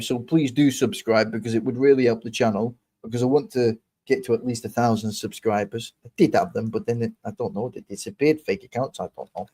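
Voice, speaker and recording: A man's voice: mid-range voice, dark tone. Boastful man, put-on Scottish accent, swearing, rambling to camera. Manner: boastful, swearing, self-assured. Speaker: YouTuber. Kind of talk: rambling casual monologue.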